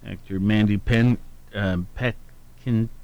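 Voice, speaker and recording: A man's voice: fairly low pitch, fairly even intonation, slow pace, a little mellow, no room sound, muffled recording. A man hosting a radio show who reads the day's anniversaries and birthdays in a meandering way, humming filler syllables and correcting himself aloud. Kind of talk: casual on-air chat, reading daily almanac.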